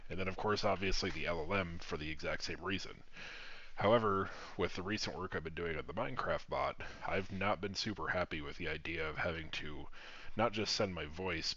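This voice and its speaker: Deep-voiced guy walking thru his project, swears a bit, kinda muffled dry sound. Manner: relaxed, explains step by step, swears casually. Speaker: software developer demoing his project. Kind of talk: casual screen-recorded tech demo.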